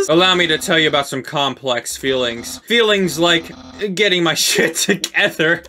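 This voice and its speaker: Brief: male gamer, high bright voice, comedic game-text read, laughs often. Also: measured pace, soft background music. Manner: animated, breaks into laughter while reading. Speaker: YouTuber reading game dialogue.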